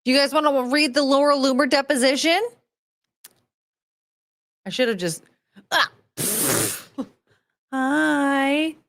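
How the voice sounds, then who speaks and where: A woman's voice: high voice, animated, slow pace, pauses often, fairly bright tone, dry recording, clean studio sound. A tired woman hosting a livestream, chatting casually and self-mockingly to her viewers, laughing often. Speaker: livestream host. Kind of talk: casual rambling chat to viewers.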